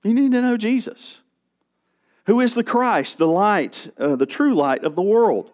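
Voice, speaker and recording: Delivering a sermon as pastor, this man speaks slowly in a high voice, his emphasis rising and falling with expressive force. Now and then he restarts a line.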